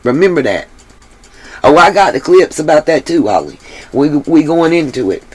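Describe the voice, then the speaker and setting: A woman's voice: low voice, animated, moderate pace, a little mellow, slightly rough. A woman hosting her own livestream, talking bluntly and emphatically and swearing freely. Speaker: livestream host. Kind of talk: livestream commentary.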